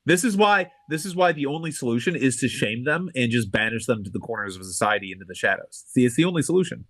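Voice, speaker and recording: A man's voice: mid-range voice, animated, fast talker, fairly bright tone, dry recording. A man co-hosting a podcast, talking bluntly and emphatically, often repeating his points. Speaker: podcast co-host. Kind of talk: casual podcast commentary.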